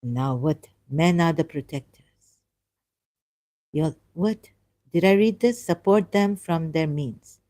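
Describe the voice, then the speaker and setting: Slow and low, with a dark tone and long pauses, the woman reads from a video and argues back. She is a religion critic offering casual commentary as she reacts aloud. She sounds exasperated and argumentative, tripping over words.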